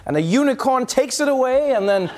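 A man hosting a comedy news show, delivering a satirical monologue with punchy jokes and quick asides. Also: very high voice, expressive, darkish tone. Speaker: host.

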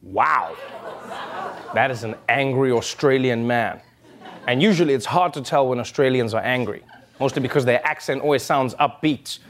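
A man's voice: mid-range voice, moderate pace, a bit bright. A man hosting a comedy news segment, delivering scripted jokes and laughing between punchlines. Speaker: comedy show host.

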